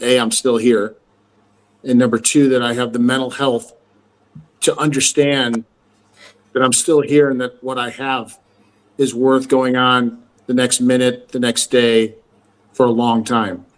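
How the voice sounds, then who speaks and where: A podcast host, a man with a medium-pitched voice, talks in a relaxed, reflective way. He is earnest and unpolished, with fillers and casual swearing. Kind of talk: casual chat.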